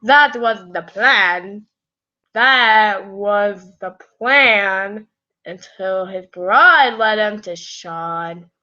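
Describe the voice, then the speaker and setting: At home at night, a woman reads fan fiction aloud into her device's built-in mic, rambling and repeatedly stopping herself to apologize. Her mid-range voice draws words out with a sharp tone, and the audio is dull.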